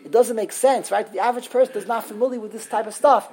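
A woman's voice: on the high side, fairly even intonation, dark tone. A woman teaching a text study class, explaining grammar and sounding out words syllable by syllable. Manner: explanatory, sounds out syllables slowly, frequent restarts.

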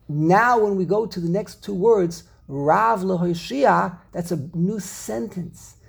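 This Torah teacher gives a classroom lesson on Hebrew grammar, explaining it step by step and repeating words as he thinks. His voice is high, gravelly, and slightly rough.

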